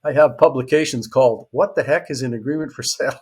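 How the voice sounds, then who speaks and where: A man's voice: mid-range voice, fast, breathy edge. A middle-aged man explains a real estate investing strategy in an interview, telling a story and acting out what the people in it say. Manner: lively storyteller who acts out quoted people.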